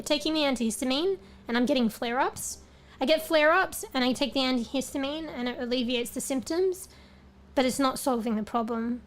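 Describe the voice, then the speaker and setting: A woman streamer chatting casually with viewers. She rambles, swears often, and is losing her voice. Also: sits high.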